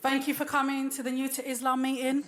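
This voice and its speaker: A woman's voice: sits high, monotone, fast. Cheeky London woman doing stand-up. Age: 30s. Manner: cheeky, slangy, teasing the crowd. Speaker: stand-up comedian. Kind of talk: stand-up comedy set. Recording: loud crowd and noise, live club. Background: laughing audience.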